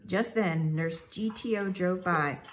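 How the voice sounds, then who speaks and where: A woman reading a children's storybook aloud in a measured, expressive way. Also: lowish voice, slight background noise. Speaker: narrator.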